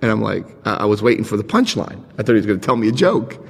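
A middle-aged man giving a recovery talk, telling lively stories with chuckles and frank asides, and reading out passages to explain them. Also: lowish voice, fast talker, gravelly, breathy edge. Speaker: recovery speaker. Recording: reverberant hall.

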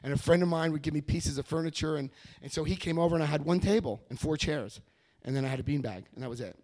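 A man's voice: on the high side, fast, a little mellow. A middle-aged American man giving a rambling personal testimony to a meeting, often repeating himself and acting out quoted voices. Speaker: recovery meeting speaker.

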